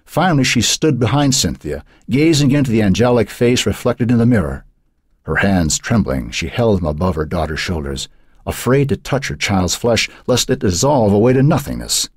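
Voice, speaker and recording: Deep, husky male audiobook narrator. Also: big pitch swings, normal speed, no echo, clean studio sound.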